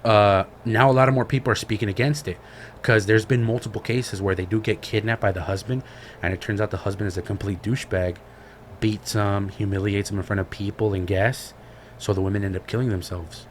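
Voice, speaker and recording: A man's voice: on the low side, fairly quick, slight background noise. A man co-hosting a podcast, retelling a story in casual chat with slang and swearing. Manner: slangy, profane, animated retelling. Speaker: podcast co-host.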